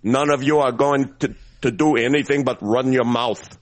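A man's voice: medium pitch, fairly even intonation, normal speed, dry recording, close to an everyday voice. A man putting on a blunt, taunting voice with a Jamaican-tinged accent. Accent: Jamaican-tinged impression.

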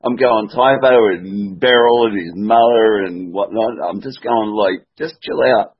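A man's voice: on the low side, a little slow, slightly rough. A man with an Australian accent rambling through stories in a casual group voice call, laughing as he goes. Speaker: call participant. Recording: dull lo-fi call audio.

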